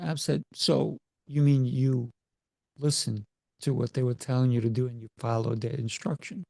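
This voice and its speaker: A man's voice: mid-range voice, fairly even intonation, normal speed, gravelly, a little mellow, dry recording, studio quality. A man who is a martial arts coach, chatting in an interview over a video call and driving his points home with emphatic rhetorical questions. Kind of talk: casual interview chat.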